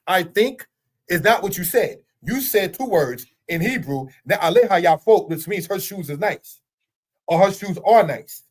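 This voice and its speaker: Middle-aged guy teaching a torah lesson, fairly high voice, keeps asking why, earnest and repetitive. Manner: earnest, repetitive, rhetorical questions. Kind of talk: spoken teaching monologue.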